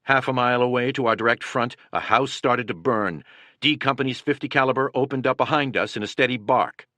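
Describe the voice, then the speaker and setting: A man reading the words of a soldier who writes of the war in a measured, somber way, close to his own voice. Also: medium pitch, sharp tone, no room sound, close to an everyday voice. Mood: tense. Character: reflective male soldier writing of the war.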